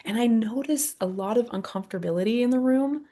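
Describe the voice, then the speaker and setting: A woman co-hosting a podcast, speaking earnestly and sometimes dropping her voice very low. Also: brisk. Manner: earnest, animated, drops to near whisper. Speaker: podcast co-host. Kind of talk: casual conversation.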